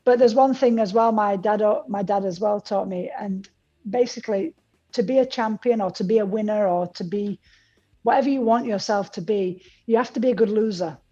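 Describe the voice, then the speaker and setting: A Scottish woman speaks as a guest commentator, thoughtful and encouraging. Her voice is warm and husky, and it comes through dull, muffled remote audio. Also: medium pitch, a little fast. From Scotland.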